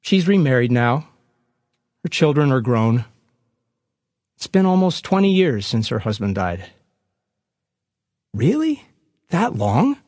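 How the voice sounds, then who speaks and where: A man preaching, retelling a story slowly and expressively. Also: mid-range voice, animated, darkish tone, dry recording, studio quality. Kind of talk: storytelling sermon.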